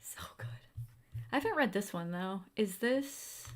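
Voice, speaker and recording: Expressive and speaking at a normal speed, this young woman hosts a casual livestream chat in her mid-range voice, replying to viewer comments as she goes.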